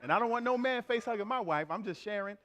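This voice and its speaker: A man's voice: high voice, lively intonation, quick pace, a bit bright. A man in his thirties preaching a sermon, blunt and playful, talking straight to the congregation.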